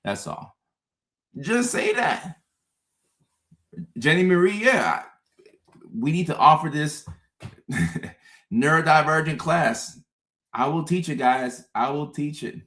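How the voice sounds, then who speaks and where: Animated man talking to his viewers. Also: on the high side, slow pace, pauses often. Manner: animated, repeats words, acts out his own thoughts. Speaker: host. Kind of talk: casual livestream talk to viewers.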